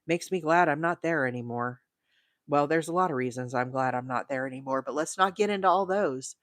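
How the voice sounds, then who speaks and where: A woman from Arizona hosting a crochet livestream, rambling chattily and reading out viewer comments, with bursts of high, excited emphasis. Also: a little fast, dry recording, studio quality. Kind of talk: casual live-stream chat.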